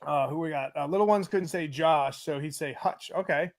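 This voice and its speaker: A man with a fairly high voice co-hosts a casual chat show. He laughs a lot and reads out viewer comments as he goes. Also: normal speed, creaky. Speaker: podcast co-host.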